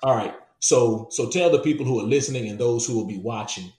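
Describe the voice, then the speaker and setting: Affirming podcast host in an echoey room. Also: male voice, medium pitch, a little fast, warm tone. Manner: encouraging, affirming. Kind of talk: interview chat. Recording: roomy echo.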